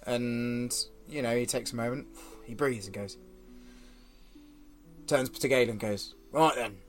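Male game master, relaxed chuckling narration, mid pitch, faint music behind. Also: measured pace. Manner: chuckling, relaxed storytelling with many fillers.

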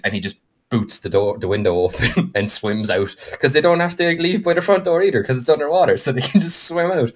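This is casual storytelling from a man who co-hosts a podcast and ran the game he's describing. He's energetic and uses a lot of filler words, with frequent quick rises to a higher pitch.

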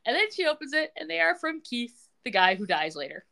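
Her voice sits high and sounds gravelly, and she speaks briskly. Co-hosting a podcast, this woman runs through a TV episode in a casual, animated way, voicing the characters' lines and laughing.

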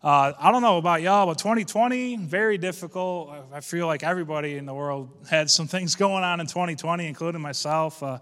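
A man's voice: fairly high pitch, fairly quick, few pauses, a bit bright, long reverb tail. A man preaching a sermon as pastor, casual and folksy, building to fervent calls to his congregation.

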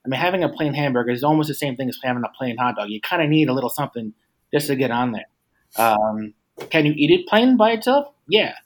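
A man's voice: medium pitch, big pitch swings, fast talker. A man in a casual podcast debate, rambling with many fillers and restarts. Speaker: debater defending hot dogs.

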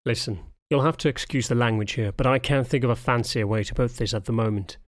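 A man voicing a snarky, defensive young male cattle dog who talks bluntly and gruffly, in an audiobook reading. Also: mid-range voice, brisk, no room sound, studio quality, lightly acted.

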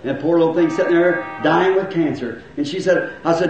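A middle-aged man preaching a revival sermon to a congregation, in folksy rural grammar, asking questions and now and then breaking into shouts. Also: on the high side, moderate pace, dull audio, a little hiss or hum. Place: church hall with congregation. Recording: very echoey old church recording.

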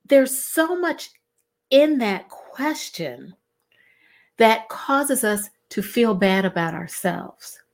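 A middle-aged woman, talking to her listeners in a casual, expressive way and acting out the questions she quotes. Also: slow, creaky. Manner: expressive, acts out quoted questions with big pitch swings. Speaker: host.

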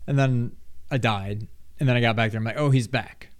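Relaxed man musing about games. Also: medium pitch, normal speed. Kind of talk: casual chat about video games.

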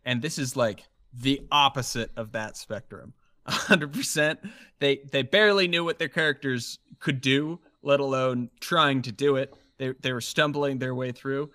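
A man's voice: medium pitch, normal speed, sharp tone. A man co-hosting a podcast, chatting casually and laughing often. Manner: amused, laughs between lines. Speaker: podcast co-host. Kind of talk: casual chat.

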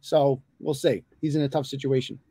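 A man's voice: medium pitch, fairly even intonation, normal speed, dark tone, breathy edge, dry recording. A man hosting a live talk show, chatting casually, bluntly and with plenty of swearing. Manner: blunt, swears freely, rambling. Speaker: host.

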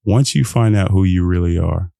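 This young man from Texas, host of his own podcast, has a low, gravelly voice at normal speed, captured as clean studio sound with no room sound. He rambles through an emphatic, preachy motivational rant, jumping between ideas and laughing frequently.

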